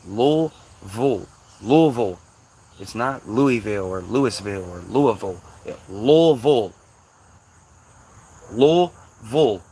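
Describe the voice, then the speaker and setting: A man from Kentucky with a Louisville accent and a soft, slightly raspy voice, rambling casually to his viewers on a livestream in slang. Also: mid-range voice, a little hiss or hum.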